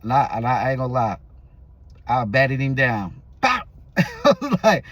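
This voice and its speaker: A man's voice: mid-range voice, big pitch swings, measured pace, a bit bright, no echo. A man vlogging, telling a story in a loose, rambling casual way with restarts and fillers.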